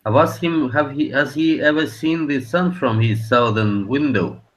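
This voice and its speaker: A man on an online group call, speaking haltingly with many restarts. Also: mid-range voice, poor audio. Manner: halting, stumbles and restarts a lot. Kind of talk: casual group call chat.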